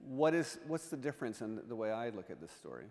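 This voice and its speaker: A man's voice: mid-range voice, big pitch swings, fast talker, gravelly, darkish tone. Playful man in a reverberant sanctuary. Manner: playful, jokey, quizzes the audience. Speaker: artist in residence giving a presentation. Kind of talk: humorous illustrated talk to a congregation. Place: church sanctuary. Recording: long reverb of a church sanctuary.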